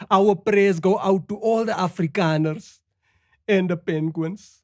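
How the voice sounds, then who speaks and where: A woman's voice: medium pitch, steady tone, measured pace, darkish tone, no room sound, studio quality. A woman, playing a comedy news anchor who delivers a satirical news sketch with mock-newscaster timing.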